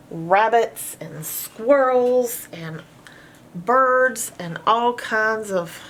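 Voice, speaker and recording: A woman teaching a phonics lesson, slowly sounding out words and letters, with patient praise. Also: mid-range voice, a little hiss or hum.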